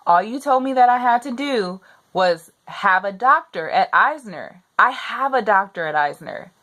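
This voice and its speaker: A woman's voice: a little high, animated, a little slow, fairly bright tone. A young pregnant woman venting her frustration in a personal rant to the camera, repeating herself as she gets upset. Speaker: vlogger.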